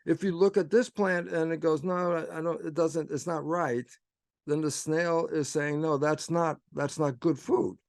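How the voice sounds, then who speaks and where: A male guest speaker gives an explanatory talk framed as a story, acting out dialogue with "I say" and "I go" and pressing his points through rhetorical questions. His voice is on the high side with a darkish tone, recorded cleanly in a studio with no echo.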